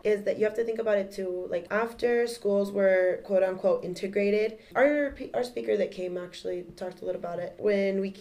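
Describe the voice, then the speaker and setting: A young woman in a class discussion, talking quickly with many fillers. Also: mid-range voice, a little mellow. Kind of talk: casual discussion.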